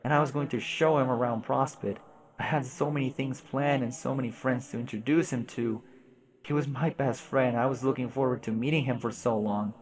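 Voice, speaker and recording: A man's voice: mid-range voice, steady tone, fairly quick, big-room sound, lightly acted. A man reading aloud and voicing a grieving, lonely young girl who pleads in a shaky, upset way.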